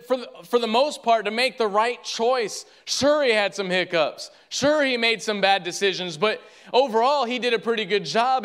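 A man's voice: sits high, a bit bright, smooth. A man preaching a sermon as pastor, fervent and repetitive, calling his listeners friend.

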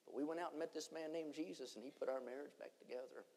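A man preaching a revival sermon, swinging between shouted lines and hushed ones. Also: a little high, fast. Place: church conference hall. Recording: long church hall reverb.

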